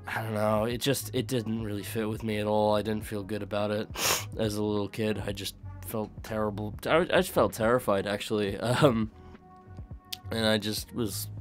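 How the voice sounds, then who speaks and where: Faint music sits behind a young British-raised man casually chatting to his live chat on stream. He talks in a mixed, American-sounding accent, rambling, laughing and swearing lightly, in a lowish voice with fairly even intonation at a moderate pace.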